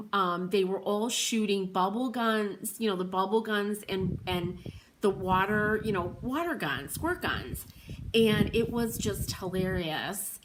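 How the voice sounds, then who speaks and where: A woman's voice: medium pitch, fairly bright tone, a little hiss or hum. A middle-aged woman hosting a livestream, chatting in a rambling way, laughing often and calling out viewers by name. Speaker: host of a furniture painting livestream.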